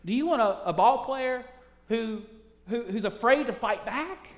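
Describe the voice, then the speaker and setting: A man's voice: very high voice, lively intonation, unhurried, pitched above the performer's own voice, heavily acted. A male preacher voicing a composed young male ballplayer who answers in an earnest, restrained way, in an echoey hall.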